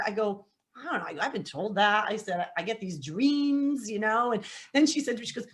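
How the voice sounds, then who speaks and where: A woman's voice: a little high, brisk. A middle-aged woman, a psychic medium guest, telling her life story in a casual podcast chat, laughing and acting out what people said. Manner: animated, laughing, acts out quotes.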